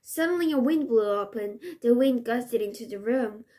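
A woman's voice: on the high side, animated, dark tone. A woman, a native Korean speaker, reading a children's storybook aloud in English with careful restarts. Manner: careful, slow, occasional restarts. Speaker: reader.

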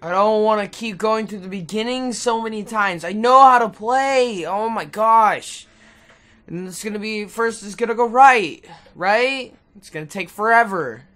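A woman's voice: mid-range voice, measured pace, fairly bright tone, poor audio. A young adult woman giving let's play commentary, frustrated and exclaiming often. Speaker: gaming video host.

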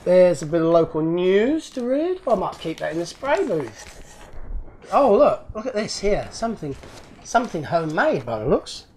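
A man's voice: high-pitched, sing-song, normal speed, a little mellow, a little hiss or hum. An Australian man chatting casually while unboxing toy models as host of his channel, rambling and joking at his own expense. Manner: chatty, rambling, self-mocking jokes. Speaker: model car restorer and YouTuber.

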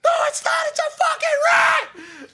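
A man mimicking his girlfriend as a shrill, panicked young woman. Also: animated, moderate pace, a bit bright. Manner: shrill, screaming.

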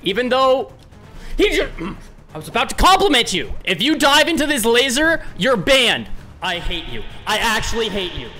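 Young male gaming host, high lively voice, excitable commentary, yells at teammates. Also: normal speed, soft background music. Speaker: gaming YouTuber. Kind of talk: gameplay commentary.

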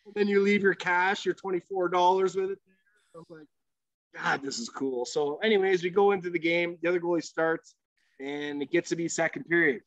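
A man with a slightly higher voice tells a long, rambling hockey story as a podcast guest. He swears casually and fills his sentences with "like" and "you know." The recording is dry and somewhat muffled, like lo-fi podcast audio. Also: flat delivery, brisk, no echo. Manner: profane, rambling storyteller with many fillers.

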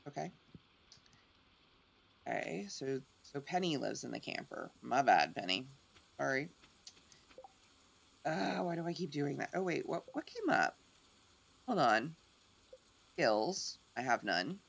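A woman streaming a game, chatting excitedly and poking fun at herself. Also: extremely low pitch, vocal fry. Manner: chatty, self-deprecating, excitable. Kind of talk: casual game commentary.

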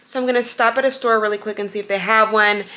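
A woman's voice: medium pitch, fairly even intonation, pushed and bright. A young woman vlogging in a casual, chatty, upbeat way, talking to her viewers on a handheld camera as she goes about her day. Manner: chatty, upbeat, quick asides. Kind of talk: casual vlog chat. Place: home, then car and store.

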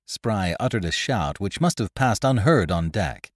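Low-pitched guy reading an old adventure story, super animated, dry close sound. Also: a little slow, no room sound. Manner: expressive, lively reading with character voices. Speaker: narrator and host. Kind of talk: scripted storytelling narration.

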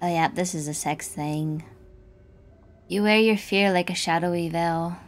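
This gaming streamer has a lowish voice and takes her time as she talks through her game in a relaxed let's-play. Startling moments make her squeal and curse.

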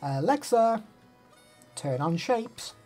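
A man's voice: high voice, sing-song, slow, darkish tone, faint music behind. A young man chatting casually on a live stream, rambling and answering chat messages.

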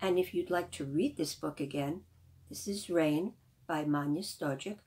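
A woman librarian reading a picture book aloud for small children, in an expressive, sing-song way. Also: low-pitched, normal speed, low-quality recording.

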